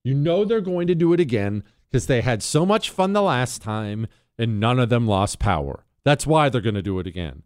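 A man hosting a talk radio show, talking in an animated, emphatic and jokey way, moving between rants and ad reads. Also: mid-range voice, moderate pace, hardly any pauses.

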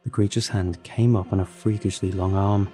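Low, dark-voiced man narrating horror. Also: fairly even intonation, moderate pace. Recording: narration with faint music underneath.

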